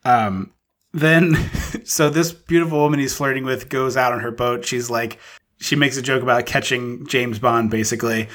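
A man's voice: medium pitch, moderate pace, a bit bright. A man co-hosting a podcast in casual chat, joking and laughing often. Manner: jokey, laughs often, puts on silly voices. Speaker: podcast co-host.

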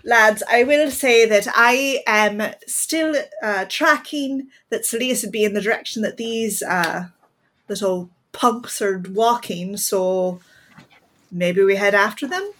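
A woman's voice: medium pitch, takes it slowly, a bit bright. Woman as a brash old adventurer woman, blunt, mid-range voice. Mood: wary. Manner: brash, calls the others lads.

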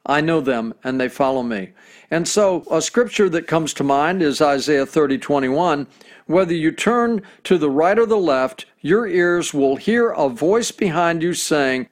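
A middle-aged man preaching with earnest conviction, his voice sitting a little higher than most men's. He slows down deliberately whenever he reads scripture aloud. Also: animated. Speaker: pastor. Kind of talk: sermon.

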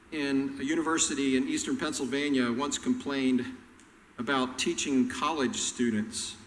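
A man preaching a sermon, telling Bible stories and acting out the characters' lines with animated voices. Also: medium pitch, long reverb tail, low-quality recording. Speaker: pastor.

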